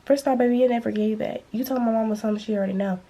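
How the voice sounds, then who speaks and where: A young woman telling a storytime vlog in animated, slangy chat, acting out what was said. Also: fairly high pitch, rapid-fire. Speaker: vlogger.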